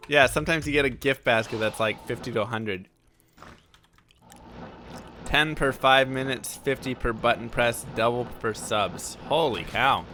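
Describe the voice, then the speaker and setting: Man, sick voice, casual stream chatter, bright forceful tone, desk mic. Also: medium pitch, unhurried, a little hiss or hum. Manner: chatty, reacting aloud to viewer chat. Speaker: live streamer. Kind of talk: casual live-stream chat while gaming.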